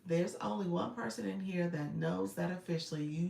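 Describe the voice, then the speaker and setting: A woman's voice: fairly low pitch, normal speed, gravelly, few pauses, dark tone. A woman hosting a casual live stream, greeting viewers by name and chatting, with many fillers and laughs. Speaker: live stream coach and host. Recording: roomy, distant phone audio with faint noise.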